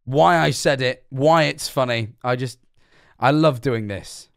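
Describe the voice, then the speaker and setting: A man's voice: mid-range voice, a little slow, vocal fry, fairly bright tone, clear, resonant tone, no echo. A young male streamer chats and rambles while reacting to a video, swearing freely and explaining each joke. His voice sits in a middle range and sounds close and dry on a streaming mic. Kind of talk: live-stream reaction commentary.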